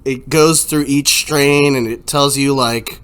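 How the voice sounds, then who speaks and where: A man co-hosting a casual podcast, laid back and cracking quick jokes with plenty of swearing. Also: medium pitch, steady tone, fairly bright tone, clean tone. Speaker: podcast co-host. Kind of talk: casual chat.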